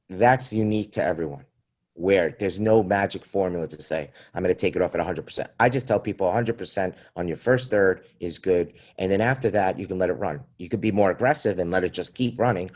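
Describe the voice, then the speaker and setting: A man's voice: sits low, a little mellow. A man, a guest trader, explaining in conversation, often restarting phrases and checking in with "okay?" and "right?". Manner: acts out quoted voices in storytelling.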